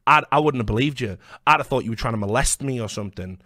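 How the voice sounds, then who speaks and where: Brash British commentator; heated, combative rant with stammered restarts, dry and close. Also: male voice, medium pitch, fast, few pauses, fairly bright tone, dry recording. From Britain. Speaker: online commentator. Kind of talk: angry video rant.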